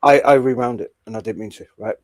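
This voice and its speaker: A man's voice: mid-range voice, quick pace, no echo. Dry, teasing man podcast co-host. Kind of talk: casual chat.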